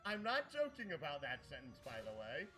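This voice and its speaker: High-voiced laid-back man streaming. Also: wildly swooping pitch, fairly quick, over music. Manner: laid-back, explains game mechanics. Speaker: streamer playing a retro game. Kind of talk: casual chat while gaming.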